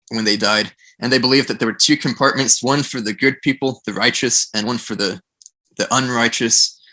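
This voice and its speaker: A man on a podcast talking about scripture, acting out quotes in a lively storytelling way. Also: medium pitch. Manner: animated storyteller, acts out quoted voices. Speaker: podcast guest. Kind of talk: casual podcast discussion.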